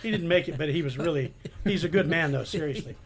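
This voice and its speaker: An older man, a retired police detective, telling animated anecdotes in a casual chat. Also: fairly high pitch, fast talker, slight background noise. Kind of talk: casual storytelling.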